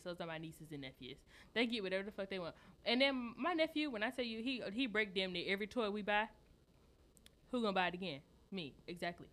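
A woman co-hosting a podcast, telling stories in loud, profane casual chat and laughing often. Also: medium pitch. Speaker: podcast co-host.

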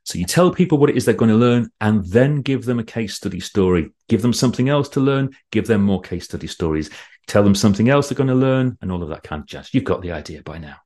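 Animated male presentation coach. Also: on the low side, fast. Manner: lively, animated, loose and conversational. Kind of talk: conference talk.

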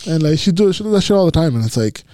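Man, casual rambler, swears freely, low mellow tone, dry sound. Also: very animated, rapid-fire, dry recording. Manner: rambling, says "like" and "way" a lot, swears. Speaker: podcast co-host. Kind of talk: casual chat.

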